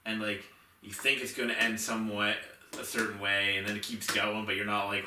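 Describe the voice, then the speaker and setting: A man co-hosting a casual movie chat, animated and swearing as he tells stories. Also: on the low side, fairly quick, echoey room, far from the mic, noisy background. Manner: animated storyteller, swears, laughs. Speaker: podcast co-host ranking movies.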